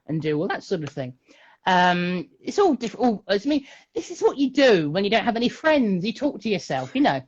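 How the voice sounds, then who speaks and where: A man from England, a magician and puppeteer, chatting as a guest on a live stream in a jokey, animated way. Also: sits high, moderate pace, creaky, muffled recording. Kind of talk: casual chat on a live stream.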